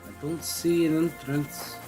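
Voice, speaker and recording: A man's voice: fairly high pitch, steady tone, a little slow. A man casually commenting on his gameplay, rambling and muttering to himself as he plays. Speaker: gaming streamer. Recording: game music underneath.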